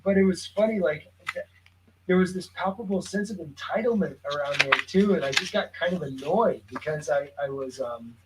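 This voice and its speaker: A man's voice: a little high, lively intonation, moderate pace, heavy background noise. A man chatting casually as a guest, telling a long rambling story with many restarts and fillers. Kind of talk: casual chat. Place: lives in a suburb of Lisbon.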